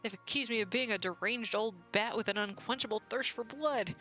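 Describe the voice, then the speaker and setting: A woman's voice: fairly high pitch, fairly quick, sharp tone, faint music behind. A woman voicing a flustered, bloodthirsty older royal advisor in a strategy game, speaking indignantly and raising her voice.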